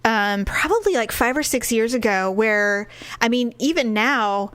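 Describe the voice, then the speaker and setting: A middle-aged woman co-hosting a podcast, telling a story in casual chat, laughing often and swinging her pitch wildly when she quotes people. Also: expressive, a little slow, a bit bright, no echo. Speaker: podcast co-host.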